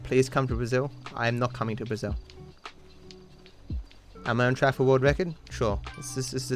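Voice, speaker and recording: A young Australian man livestreams a speedrun, chatting casually in a medium-pitched, steady voice at a moderate pace, rambling and opinionated with many fillers and restarts. His home mic picks up game music and gunfire behind him.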